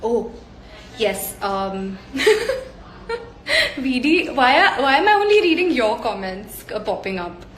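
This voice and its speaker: A woman's voice: fairly high pitch, very animated, measured pace, fairly bright tone, slight background noise. A young woman with an Indian accent chatting casually on a live stream, bubbly and laughing often as she reads fan comments aloud. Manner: bubbly and chatty, laughs easily, sends hugs and kisses. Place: indoor room away from home, on a work day. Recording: echoey room on a phone stream.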